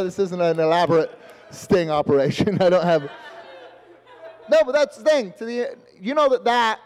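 A man's voice: high-pitched, darkish tone, big-room sound. A man with a mixed Northern Irish and London accent doing a stand-up set on a live stage, acting out voices and swearing freely. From born in Australia, raised in Northern Ireland. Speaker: stand-up comedian. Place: live comedy venue with audience.

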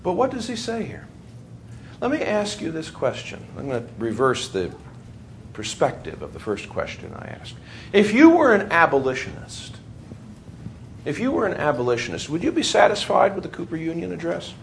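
A man's voice: on the high side, fairly quick, creaky, slight background noise. A man giving a history lecture to a class, telling stories animatedly and laughing as he talks. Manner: animated storyteller, laughs while talking. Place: lecture room with students.

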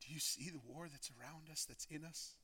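A male pastor delivers a sermon with a bright, forceful edge to his voice. He leans on repetition and rhetorical questions, pressing each point home as he leads the church toward communion. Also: a little high, a little fast, husky. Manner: emphatic, repeats phrases and asks rhetorical questions.

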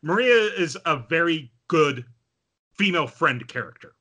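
A man in casual chat, recapping an anime with animated storytelling and lots of fillers. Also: on the high side, measured pace.

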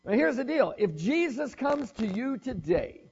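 A man's voice: extremely high pitch, sing-song, unhurried, gravelly, darkish tone, slightly rough, muffled recording. A man preaching a casual, conversational sermon, joking and thinking aloud as he goes.

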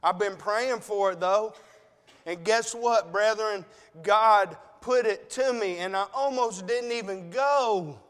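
A male preacher with a high voice shares a personal story in an emotional, conversational sermon. He keeps addressing the congregation as brethren. His words echo with a long reverb, as if he is in a large sanctuary. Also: slow pace, a bit bright, smooth.

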